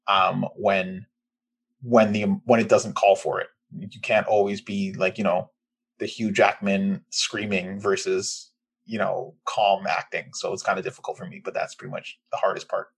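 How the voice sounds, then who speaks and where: A man's voice: sits low, flat delivery, normal speed, vocal fry, fairly bright tone. A man who voices a role in an audio drama, talking casually and hesitantly about his craft with many fillers. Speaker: voice actor. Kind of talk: casual behind-the-scenes chat.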